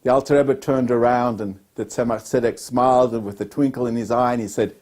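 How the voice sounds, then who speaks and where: A man's voice: mid-range voice, fairly even intonation, fairly quick, darkish tone. A man who is a rabbi giving a weekly lesson on scripture. He teaches like a storyteller and works jokes into his explanation. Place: Melbourne.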